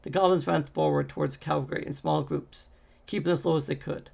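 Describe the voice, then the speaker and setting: Gravelly man reading a fantasy novel. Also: fairly high pitch, fairly quick. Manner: steady reading with slips and restarts. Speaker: audiobook reader. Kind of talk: fantasy novel read-aloud.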